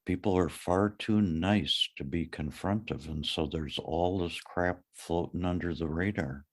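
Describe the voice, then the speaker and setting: A man's voice: deep voice, measured pace. A man co-hosting a podcast, telling personal stories in a candid, plain-spoken, reflective way. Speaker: podcast co-host. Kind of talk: reflective casual discussion. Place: lives in Minnesota.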